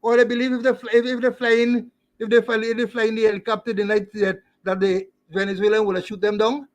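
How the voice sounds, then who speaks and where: Stammering high-voiced Guyanese man. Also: little pitch movement, quick pace. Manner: stammering, repeats words, emotional. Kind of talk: impassioned political talk.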